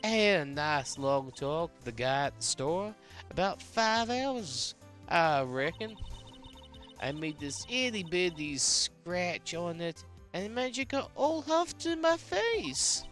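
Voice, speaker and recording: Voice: medium pitch, very animated, slow, soft background music. A New Zealand streamer voicing a brash young Southern woman photographer in a game, with a put-on Texan drawl. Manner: drawling, twangy and loud. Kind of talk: video game voice reading.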